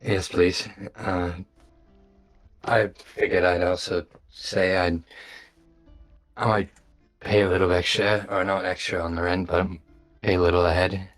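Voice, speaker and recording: A man's voice: low voice, level tone, measured pace, long pauses, soft background music. A man playing his character in a tabletop game, polite and hesitant, often repeating words. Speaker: player.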